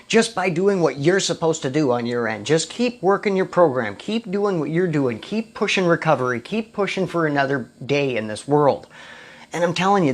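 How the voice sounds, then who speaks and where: A man hosting a live-streamed talk on recovery, telling a personal story in an earnest, animated way, with frequent restarts. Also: on the high side. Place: home, recording a live video.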